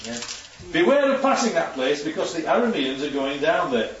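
Animated man teaching from the Bible. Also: fairly high pitch, moderate pace. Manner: chatty, keeps checking in with listeners. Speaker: preacher. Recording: echoey, distant, dull sound.

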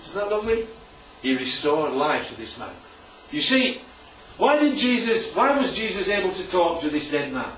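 In a church hall, a man gives an informal talk with slides, often asking the congregation "right?" and "isn't that lovely?" His voice is high and sing-song, a bit bright, at normal speed with few pauses. The recording is roomy, distant, and dull, with slight background noise.

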